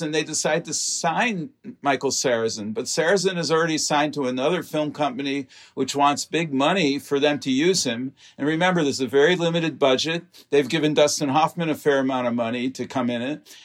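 Man recounting film history anecdotes. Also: a little high. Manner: detailed, anecdotal, with fillers. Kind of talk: interview storytelling.

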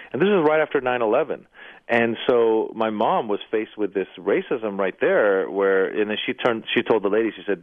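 Lower-pitched man on a thin phone line. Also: a little fast, no room sound. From Iranian-American family. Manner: storytelling with hesitations, self-deprecating. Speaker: comedian and actor, interview guest. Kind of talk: casual anecdote-telling interview. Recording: dry, phone-like radio line.

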